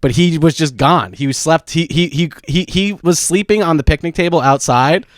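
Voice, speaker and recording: Man in his 30s, podcast co-host, loose rambling storyteller, slightly high voice, dry close sound. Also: normal speed, no echo. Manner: rambling, many restarts and "like"s, acts out quotes loudly. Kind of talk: casual storytelling chat.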